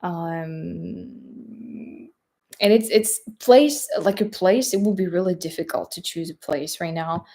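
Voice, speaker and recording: Young French woman, travel vlogger reading viewer questions live, slow and halting with fillers. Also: on the low side, gravelly. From France. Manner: hesitant, many fillers, soft trailing asides.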